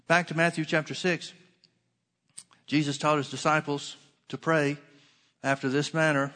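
A man preaching a sermon, earnestly repeating key phrases and slowing down to stretch out the scripture he quotes. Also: medium pitch, fairly bright tone.

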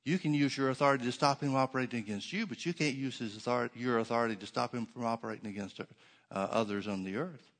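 A man's voice: mid-range voice, fast, fairly bright tone. A man preaching a sermon as pastor, emphatic, with rhetorical questions and dry sarcastic asides.

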